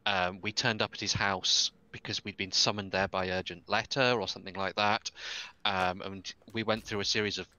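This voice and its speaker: A low-voiced man with a bright, forceful tone chats casually alongside a game streamer. He teases his friend and walks back through earlier events, filling his sentences with ums. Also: level tone, moderate pace, dry recording, low-quality recording. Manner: teasing, recaps with many ums. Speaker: co-player. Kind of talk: casual chat.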